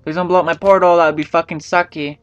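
A young man with a stuffy nose swears and laughs his way through a game, his voice sitting a little high for a man. His talk swings between excited outbursts and mutters, with faint game music behind. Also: fast talker, smooth, dull audio. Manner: profane, excitable, laughing, talks to himself. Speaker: gaming channel host. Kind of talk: casual let's-play commentary.

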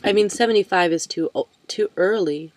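A woman's voice: fairly low pitch, brisk, darkish tone, a little hiss or hum, close to an everyday voice. A woman reading as a chirpy old lady. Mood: lively. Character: cheerful eccentric woman nearly eighty.

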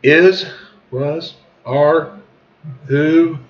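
Brief: slow, chuckling man in his forties telling tall tales, muffled lo-fi recording. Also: on the high side. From southern Missouri. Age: 40s. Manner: chuckling, goes on tangents. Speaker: storyteller. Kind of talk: rambling folksy storytelling. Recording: dull lo-fi recording.

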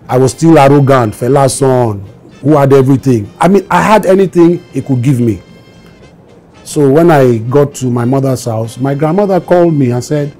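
A man's voice: mid-range voice, normal speed, mellow, faint music behind. A Nigerian man in his fifties, telling stories in an interview and acting out the voices of the people he quotes. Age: 22 in 1984, now 50s. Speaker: musician interviewee. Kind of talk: storytelling interview.

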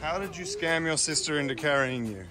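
A man narrating a walk along city canals to the camera, teasing and animated like a tour guide. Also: fairly high pitch, a little fast. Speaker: family vlogger. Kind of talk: casual vlog narration. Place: outdoors walking by city canals. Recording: clear street noise behind.

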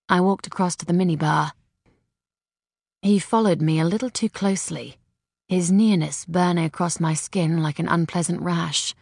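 Low gravelly woman narrating an audiobook. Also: dry recording, studio quality. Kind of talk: first-person audiobook narration.

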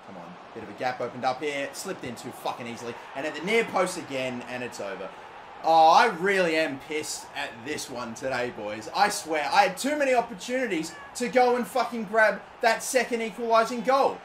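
A young man giving live video game commentary, excitable and foul-mouthed, swinging between loud outbursts and low grumbling. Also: fairly quick, background noise. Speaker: gaming YouTuber.

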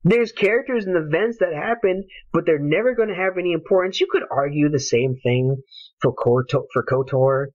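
A man's voice: high-pitched, expressive, a little fast, few pauses, no echo. A man ranting angrily about a game, with passionate, profane talk. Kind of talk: heated solo rant. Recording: dull lo-fi home recording.

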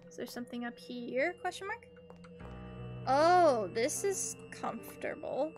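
Her voice is high-pitched and expressive, her delivery unhurried. She's a young adult gamer on stream, casually commentating and chatting bubbly with viewers as she plays, with faint game music behind.

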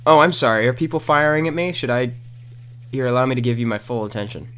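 A man giving casual, rambling gameplay commentary at home into a new desk microphone, breaking into loud outbursts at the game. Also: medium pitch, quick pace, clean tone. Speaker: gaming commentator. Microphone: new desk condenser microphone.

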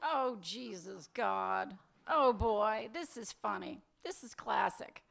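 A biting, sarcastic wife with a high, sharp voice, as a male author reads her lines. She presses hard and mocks, cutting through every dodge in this dialogue from a literary reading. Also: lively intonation, slow pace, vocal fry, heavily acted. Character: sharp-tongued woman, wife, bitter and sarcastic. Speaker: fiction author reading aloud.

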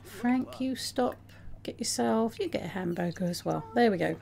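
Chatty woman with a gravelly edge. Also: on the high side, normal speed, a little mellow, a little hiss or hum. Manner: chatty, talks to her sims, laughs often. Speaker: let's play host. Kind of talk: casual gameplay commentary.

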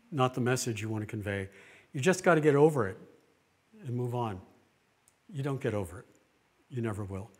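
A middle-aged man, a pastor, giving a plain-spoken sermon-style talk, earnest, with pauses and restarts. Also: medium pitch, a little mellow.

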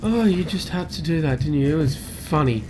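A man's voice: on the high side, expressive, normal speed. A young man commentating his own gameplay, panicky and exclaiming, talking to himself as he plays. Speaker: let's play gamer.

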